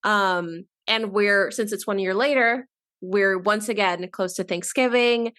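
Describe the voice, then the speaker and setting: A woman's voice: mid-range voice, unhurried, a bit bright. A woman co-hosting a podcast, recapping a horror film plot in a loose, chatty way with lots of fillers and laughs. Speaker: podcast co-host. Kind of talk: casual film review chat.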